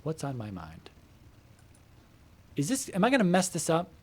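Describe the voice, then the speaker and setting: A man's voice: a little high, wildly swooping pitch, moderate pace, darkish tone, slightly rough. Rambling man chatting while gaming. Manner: meandering, filler-heavy, swears casually, breaks off to comment on the game. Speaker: gamer talking to viewers while playing. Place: home computer room in an apartment.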